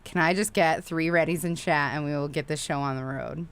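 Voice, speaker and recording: A woman's voice: low voice, a little fast, clear, resonant tone. Chatty, swearing woman streamer. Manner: chatty, profane, excitable. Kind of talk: casual live-stream chat while crocheting.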